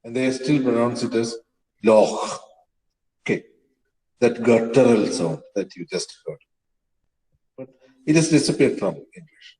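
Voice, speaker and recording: A man's voice: mid-range voice, warm tone, echoey room, rough recording. A man lecturing on the history of English pronunciation, hesitating often with fillers and spelling words out letter by letter. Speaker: teacher.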